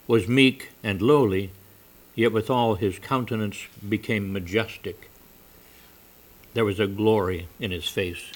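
A man preaching a sermon and telling a story, often coughing and clearing his throat. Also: fairly low pitch.

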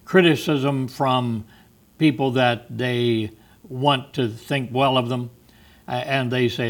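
A man's voice: mid-range voice, steady tone, takes it slowly. A man teaching a Bible study. He explains word meanings, repeats phrases, and often restarts with ums.

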